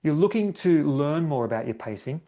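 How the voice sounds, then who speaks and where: A man's voice: on the high side, animated, brisk, dark tone. A man hosting a solo running podcast, talking casually and acting out bits of self-talk, often tagging his sentences with "right?". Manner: conversational, acts out inner self-talk, often adds "right?". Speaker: podcast host, running coach.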